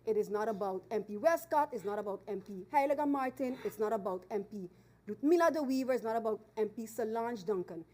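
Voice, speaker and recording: A woman member of parliament, giving an earnest formal speech from a desk microphone in the chamber, slowing down and repeating phrases for emphasis. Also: a little high, warm tone. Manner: earnest, emphatic, stresses key phrases slowly and repeats for force.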